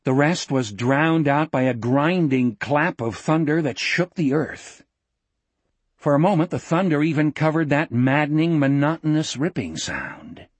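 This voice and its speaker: A man reading an audiobook in a steady, dramatic storytelling manner. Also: fairly high pitch, unhurried, breathy edge, no echo. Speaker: audiobook narrator. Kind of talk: scripted narration.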